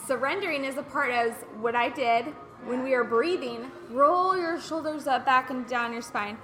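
A woman hosting a casual wellness podcast, telling stories in an animated way and acting out what people said. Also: a little high, moderate pace, a little hiss or hum. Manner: animated storyteller who acts out quotes. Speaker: podcast host.

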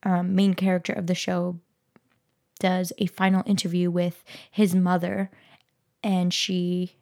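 Gravelly, flat-voiced woman musing on a podcast. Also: lowish voice, a little slow. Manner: earnest, musing, asks the listener questions. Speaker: podcast host. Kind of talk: reflective solo podcast talk. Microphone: podcast microphone.

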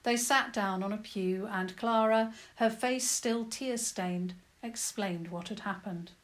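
A woman narrating a children's adventure story with lively, expressive delivery. Her voice sits at a middle pitch for a woman and keeps the pace of a bedtime tale. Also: slow pace.

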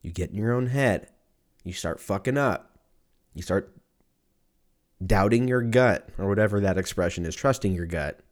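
A man with a somewhat low voice talks through a loose comedic podcast monologue. He is crude and profane, wanders off topic, and mocks himself as he goes. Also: moderate pace, pauses often. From Armenian and German heritage. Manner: rambling, profane, self-mocking.

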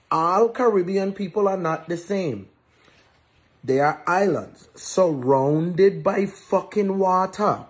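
A woman's voice: lowish voice, animated, slow. A woman guest on a podcast, ranting bluntly and profanely in casual chat.

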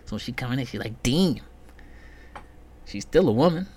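A man hosting a solo comedy podcast, ranting profanely and swinging from loud outbursts to muttered whispered asides. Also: medium pitch, lively intonation, fast talker, breathy edge. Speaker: podcast host.

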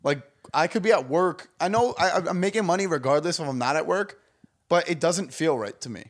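A man's voice: a little high, brisk. A man in casual chat, teasing and arguing with crude language.

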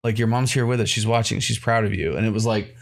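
A man's voice: lowish voice, fairly even intonation, fast. A man co-hosting a podcast, talking loosely and enthusiastically, with lots of "you know" and "like". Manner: laid-back and enthusiastic, loose filler words. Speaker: podcast co-host. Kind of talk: casual podcast chat.

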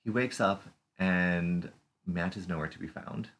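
Man, very low voice, casual playful co-host. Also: a little slow, fairly bright tone. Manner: playful, puts on silly voices and puns. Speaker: podcast co-host. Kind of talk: casual chat recapping a TV episode.

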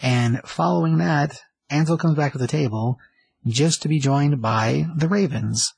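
A man's voice: on the high side, a little slow, creaky, a little mellow, husky, dry recording, rough recording. A man casually retelling a TV episode, rambling with lots of fillers. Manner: rambling, filler-heavy, conversational. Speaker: show recapper.

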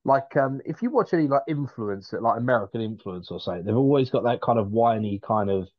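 A man's voice: mid-range voice, expressive, fast talker, no echo. A man co-hosting a podcast in casual chat, rambling and searching for words. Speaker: podcast co-host. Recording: dull dry lo-fi mic.

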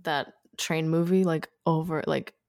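A woman's voice: deep voice, fairly even intonation, a little slow, gravelly, a little mellow. A young woman co-hosting a podcast, chatting loosely about a film, rambling and often restarting her sentences. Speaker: podcast co-host. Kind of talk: casual chat recapping a film.

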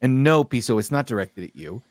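A man co-hosting a podcast in casual chat, blunt and profane, speaking with animated emphasis. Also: medium pitch, fairly quick, dry recording. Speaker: podcast co-host.

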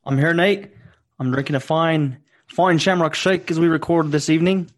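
A man's voice: fairly high pitch, fairly even intonation, normal speed, pitched above the performer's own voice, lightly acted. A man putting on a cheerful leprechaun character with an exaggerated fake Irish accent, telling jokes.

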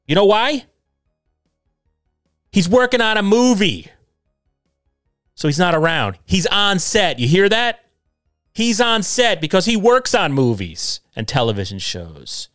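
A man's voice: sits high, fairly bright tone, no room sound, studio quality. A middle-aged man hosting a solo podcast from his basement, talking in a sarcastic, combative and self-deprecating way. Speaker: podcast host. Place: home basement.

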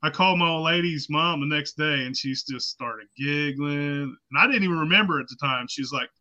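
A man's voice: fairly high pitch, normal speed, pushed and bright. A young man telling a rambling, profane story in a casual podcast chat, laughing as he goes. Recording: muffled lo-fi sound.

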